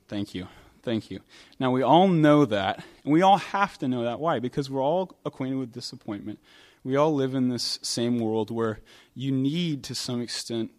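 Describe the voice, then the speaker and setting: A pastor from New York delivers his sermon in an easygoing, conversational way. He is a man of middle pitch who spins personal stories and often stops to restart a thought. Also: normal speed, darkish tone. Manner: conversational storytelling with hesitations.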